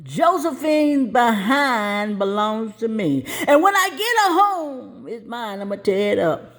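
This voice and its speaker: A woman's voice: a little high, sing-song, takes it slowly. Woman playing a fierce, commanding mother. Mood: stern. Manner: commanding, clipped and firm. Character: fierce no-nonsense mother, protective and stern.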